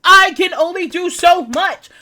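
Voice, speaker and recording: A woman voicing a frantic, desperate young boy who shouts his pleas over faint game music. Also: unhurried, noisy background. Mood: desperate pleading. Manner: shouting, high and pleading.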